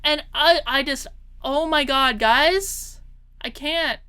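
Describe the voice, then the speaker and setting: A woman's voice: high-pitched, takes it slowly, pushed and bright. A woman talking straight to her audience in a casual monologue, exasperated and repeating herself for emphasis. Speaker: political commentary vlogger.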